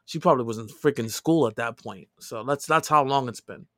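A middle-aged man casually telling a long personal story, dropping to quiet asides and rising to loud, emphatic lines. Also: medium pitch, brisk, no room sound, clean studio sound. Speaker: podcast co-host telling a story.

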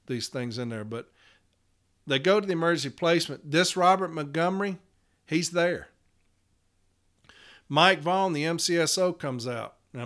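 A man's voice: fairly high pitch, fairly bright tone. A man telling a work story in a casual podcast as a union representative, blunt and emphatic, swearing freely.

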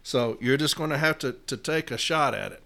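A man's voice: medium pitch, a little fast, gravelly, sharp tone. A man hosting an episode, earnestly explaining a labor arbitration decision and reading contract language aloud with emphasis. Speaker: union steward and podcast host.

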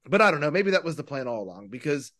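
A man co-hosting a podcast, rambling in casual political talk with halting restarts and rhetorical questions. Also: fairly high pitch, big pitch swings, fairly bright tone. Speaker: podcast co-host.

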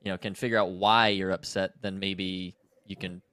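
A man co-hosting a casual podcast, talking in a relaxed, hesitant way with soft laughs. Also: deep voice, moderate pace, clear, resonant tone, dry recording. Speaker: podcast co-host.

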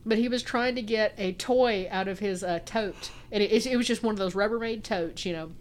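A woman's voice: medium pitch, a little fast, a little hiss or hum. A middle-aged woman co-hosting a podcast, telling family stories in a casual chat and laughing often. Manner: animated storytelling, breaks into laughter. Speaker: podcast co-host.

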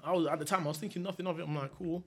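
A man's voice: fairly high pitch, fairly even intonation, very fast, breathy edge. A young adult man from England, a guest telling a story in a casual, slangy, laid-back way and laughing often.

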